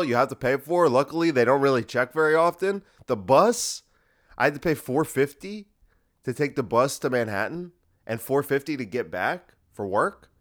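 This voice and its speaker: A man's voice: on the high side, fairly bright tone. A man hosting a solo podcast, ranting in a sarcastic, profane way. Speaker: podcast host.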